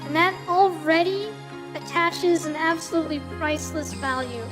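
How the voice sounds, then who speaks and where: A woman's voice: very high voice, moderate pace, big-room sound, music in the background. A woman streamer giving an earnest, reflective pep talk to her chat, sometimes searching for the right words.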